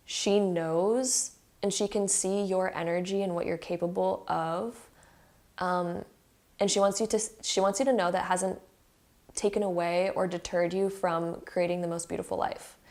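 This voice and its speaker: A woman's voice: fairly low pitch, steady tone, unhurried, darkish tone. Earnest chatty woman tarot reader. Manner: earnest, emotional and chatty, with many "like" fillers. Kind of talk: intuitive pick-a-card reading to camera.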